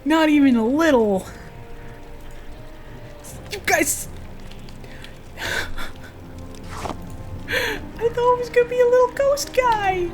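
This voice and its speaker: Her voice is very high and animated, yet slow and full of pauses. She's a gaming streamer doing chatty, casual let's-play commentary over game music, addressing both herself and her viewers and shrieking jumpily whenever enemies appear.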